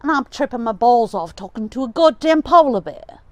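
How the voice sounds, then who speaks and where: A woman's voice: fairly high pitch, animated, brisk, a little mellow, no echo. A woman grumbling a profane recollection in a mock band interview. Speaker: comedy troupe performer. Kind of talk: improv mockumentary band interview.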